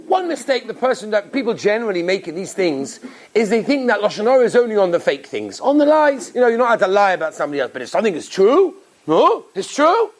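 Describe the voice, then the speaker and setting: A man, a rabbi, giving an animated Torah lecture, acting out little voices and laughing often. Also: sits high, quick pace.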